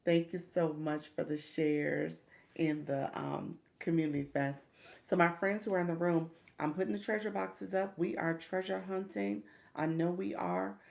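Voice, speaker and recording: Middle-aged female streamer-coach, low and very fry-heavy, chatty and encouraging, greets viewers by name. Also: fairly even intonation, normal speed, a little mellow. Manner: encouraging, coaching tone with repeated "okay?". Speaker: livestream host and coach. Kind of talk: casual livestream chat.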